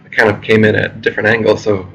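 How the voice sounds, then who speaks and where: A man talks as a guest in a relaxed interview, his delivery flat and monotone yet calm. His voice sits a little low, with a bright, forward edge. His speech is unhurried and easygoing. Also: gravelly, slightly rough, low-quality recording. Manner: monotone, calm and laid-back. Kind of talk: casual conversation.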